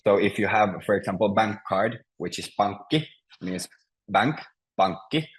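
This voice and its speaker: A man teaching a language class over a video call, speaking patiently with many pauses and restarts. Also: on the low side, steady tone, low-quality recording. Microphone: computer mic on a video call.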